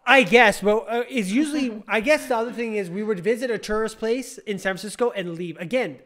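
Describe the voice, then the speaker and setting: A man's voice: high voice, a little fast, fairly bright tone. A young man casually recounting a story, rambling with lots of fillers and restarts. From California. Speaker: podcast host.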